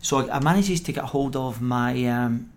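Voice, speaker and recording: A middle-aged man with a Scottish accent, guesting on a podcast and telling stories with lively energy, laughing as he goes. His voice sits at an everyday middle pitch, with a faint hum of noise behind him. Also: moderate pace. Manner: animated anecdote-telling, acts out quoted voices, laughs often. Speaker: former footballer guest. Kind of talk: podcast interview storytelling.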